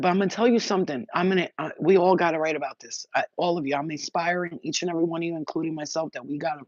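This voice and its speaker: A deep-voiced woman who reads spiritually races through an emotional channeled message aimed straight at her viewers, barely pausing. She's excited, rambling and worked up, dropping an occasional casual curse. Captured dry and close without room sound, the audio comes across a little dull and muffled.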